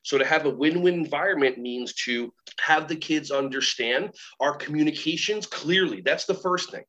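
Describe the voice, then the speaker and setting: A man talking as a guest trainer, telling animated stories and acting out the voices of kids and teachers. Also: a little high, normal speed, a little hiss or hum. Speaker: guest, workshop trainer and keynote speaker. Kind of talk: storytelling interview talk. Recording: slightly muffled recording.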